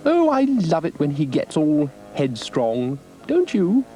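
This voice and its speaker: A man's voice: a little high, wildly swooping pitch, slow, warm tone, soft background music, pitched above the performer's own voice, full character voice. A man voicing a grand, gushing female cow who speaks in a theatrical, affected way. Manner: theatrical, fond of initials.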